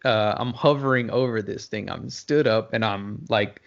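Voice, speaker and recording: A man telling a story in casual chat, laughing often and shouting out his own quoted reactions. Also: fairly low pitch, moderate pace, vocal fry, lo-fi sound. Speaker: podcast co-host.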